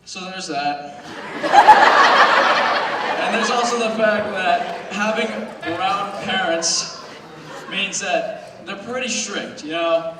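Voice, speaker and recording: A man's voice: high-pitched, slow pace, long pauses, very noisy. A teenage boy doing a rambling, self-mocking stand-up comedy set at a school show. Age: teens. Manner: casual, rambling, self-mocking, with brief put-on voices. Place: school auditorium stage. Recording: very echoey hall recorded from far off.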